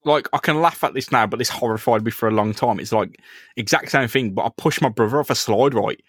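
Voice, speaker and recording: A man's voice: mid-range voice, a little fast, no echo, studio quality. A young man hosting a podcast, retelling a comic in casual chat, laughing often and acting out the characters. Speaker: podcast co-host.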